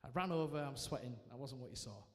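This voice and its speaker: A man's voice: mid-range voice, fast. Man telling his story in a church hall. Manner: lively storytelling with self-mocking humour. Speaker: guest speaker sharing his testimony. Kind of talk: personal testimony told to a live audience. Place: large church hall, indoors.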